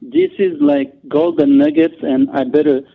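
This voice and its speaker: A man's voice: extremely high pitch, wildly swooping pitch, normal speed, vocal fry. A man with a French accent, a native French speaker, talking as a guest in an interview with many restarts and fillers. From France. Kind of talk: interview on a call. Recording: tinny phone line.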